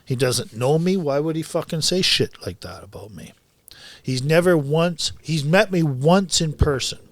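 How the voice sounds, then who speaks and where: A man's voice: a little high, animated, normal speed, dry recording. A man who coaches boxing, talking bluntly and with lots of swearing in a casual podcast chat, often heated.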